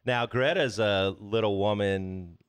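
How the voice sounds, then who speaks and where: Male podcast co-host, low-ish voice, clear and dry, chatty and enthusiastic. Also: slow, no room sound. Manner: enthusiastic, chatty, swears casually. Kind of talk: casual film discussion.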